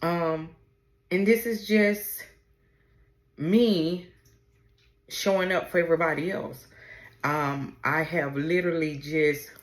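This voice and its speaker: A woman in her forties hosting a personal podcast, talking in a halting, emotional way as she fights back tears. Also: low voice, steady tone. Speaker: podcast host. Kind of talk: personal podcast talk on camera. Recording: roomy echo.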